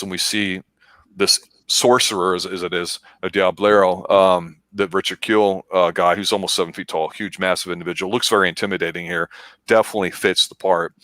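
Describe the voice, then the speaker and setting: Man, podcast co-host, deep voice, dry close sound, analytical, casual review chat. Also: a bit bright, dry recording. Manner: measured, analytical.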